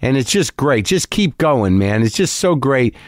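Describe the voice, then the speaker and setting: Man putting on a starstruck street fan: high, eager, gushing, dry close sound. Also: unhurried, dry recording. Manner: gushing, breathless praise, high and excited. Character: overeager earnest male fan on the street.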